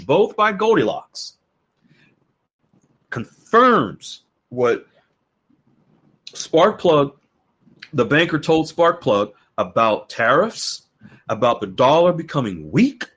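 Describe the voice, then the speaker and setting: A man's voice: mid-range voice, a bit bright. A man hosting a podcast in an earnest, repetitive way, often restarting his sentences. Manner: earnest, repeats words and restarts. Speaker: podcast host. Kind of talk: casual podcast talk.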